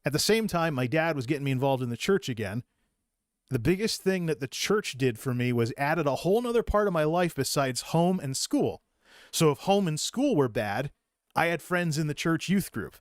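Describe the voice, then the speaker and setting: A man's voice: a little high, lively intonation, normal speed, no room sound. A man with a slightly raised voice recounts his past in a loose, rambling vlog monologue. He is self-deprecating and often restarts his sentences. The sound is close and dry, with no room around it. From Massachusetts. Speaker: vlogger. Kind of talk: personal storytelling monologue.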